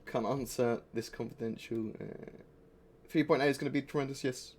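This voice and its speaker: A man's voice: medium pitch, fairly even intonation, moderate pace, a little mellow. A man streaming a video game live, chatting in a rambling, distracted way with plenty of asides. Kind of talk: live-stream chat while gaming. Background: faint music.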